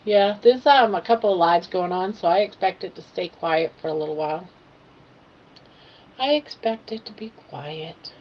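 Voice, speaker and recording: A woman's voice: fairly low pitch, normal speed. An older woman hosting a casual home livestream, chatting to viewers and cooing to her pet in between. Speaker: livestream host. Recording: dull lo-fi home stream audio with faint hiss.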